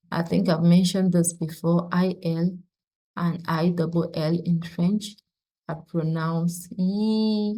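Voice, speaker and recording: A woman's voice: on the low side, steady tone, slow, dark tone, rough recording. A woman teaching a French lesson, explaining patiently and repeating each conjugation aloud. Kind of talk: casual spoken lesson.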